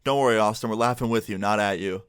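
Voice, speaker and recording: A young man doing a slow, stern dad. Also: on the low side, clean tone, no echo, clean studio sound, lightly acted. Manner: slow, measured. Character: stern middle-aged father, slow and flat.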